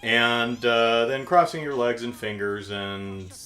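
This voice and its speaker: A man's voice: medium pitch, fairly even intonation, slow pace, sharp tone. A middle-aged man recapping a cartoon episode in casual comedic talk, dry and sarcastic, acting out the characters' lines.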